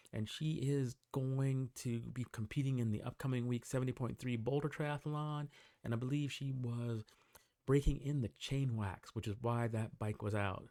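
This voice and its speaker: Male cyclist narrating his own ride footage, easygoing play-by-play, mellow voice, dry close mic. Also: medium pitch, normal speed, no echo. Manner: relaxed, conversational play-by-play with small restarts. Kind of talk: casual recorded voice-over commentary. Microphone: desktop voice-over mic.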